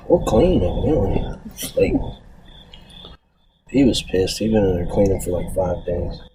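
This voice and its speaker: A man co-hosting a podcast, telling casual stories in an animated way and acting out the people in them, recorded in a home garage. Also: low voice, measured pace, noisy background. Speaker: podcast co-host. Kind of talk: casual storytelling chat.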